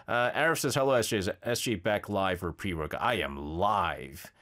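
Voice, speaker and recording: A man's voice: deep voice, lively intonation, a little slow, a bit bright. A male radio host in a studio, reading out listener messages in casual, rambling chat and laughing often. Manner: chatty, laughs often, loose with fillers.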